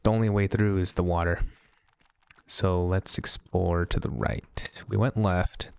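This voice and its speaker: A man hosting a let's play, chatting casually and thinking aloud as he plays, often pausing with hesitations. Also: deep voice, fairly even intonation, vocal fry, smooth. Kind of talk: casual gameplay commentary.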